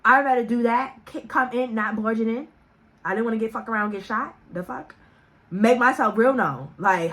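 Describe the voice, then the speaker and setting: Chatty woman doing storytime, voice a little high, swears a lot, laughs and acts out what ppl said. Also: normal speed. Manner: animated, profane, laughs often; acts out quoted voices with big pitch jumps. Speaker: storytime vlogger. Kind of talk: casual storytelling.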